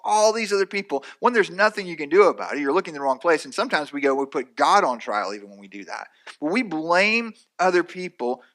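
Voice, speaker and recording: A man's voice: a little high, sharp tone. A man preaching a sermon in a conversational way, often repeating words and acting out the voices of the people he describes. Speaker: pastor.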